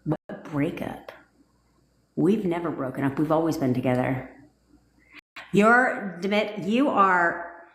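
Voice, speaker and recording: A woman manifestation coach giving a blunt, profanity-laced pep talk on a live stream. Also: lowish voice. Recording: echoey room.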